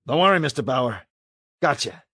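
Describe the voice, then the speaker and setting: A man voicing a steady male space marine who briskly reassures the person he is escorting, in an audiobook reading. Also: mid-range voice, husky, no echo, clean studio sound, exaggerated voice. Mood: reassuring.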